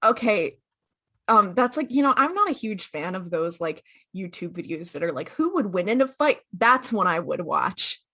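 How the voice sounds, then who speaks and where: A woman's voice: on the low side, lively intonation, normal speed, pushed and bright. A young woman co-hosting a podcast in casual chat, chatty with many fillers and acted-out quotes. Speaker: podcast co-host.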